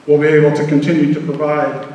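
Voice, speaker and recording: A man, a Coast Guard officer, giving an earnest, measured speech to a public meeting. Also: on the high side, monotone, darkish tone, highs cut off, a little hiss or hum. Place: large hall at a public meeting. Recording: echoey hall from far off.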